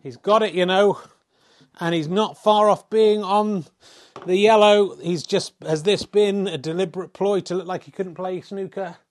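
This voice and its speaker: Middle-aged man, slightly high voice, wry deadpan snooker-style commentator. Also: moderate pace, slight background noise. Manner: wry, self-mocking, swears in mock exasperation. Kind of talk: mock sports commentary.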